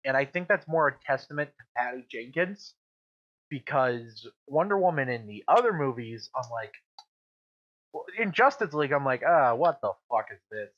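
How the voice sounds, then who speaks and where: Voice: medium pitch, sing-song, moderate pace. A podcast co-host in casual chat who jumps in with firm opinions. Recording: slightly dull, lo-fi sound.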